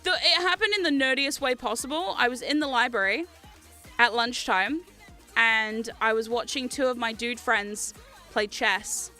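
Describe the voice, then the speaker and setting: A woman in her thirties chats on her livestream in a high, sharply bright voice. She rambles through stories with frequent giggles and answers chat aloud, with faint music playing behind her. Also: moderate pace. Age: 30s. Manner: chatty, giggly storytelling, reads chat aloud. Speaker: livestream host.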